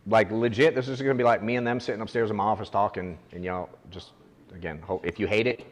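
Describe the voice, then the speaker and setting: Man, blunt coach, low-pitched voice, casual team-meeting talk. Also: steady tone, fast, big-room sound. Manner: blunt, frank, casual swearing. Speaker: agency owner training agents. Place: office meeting room.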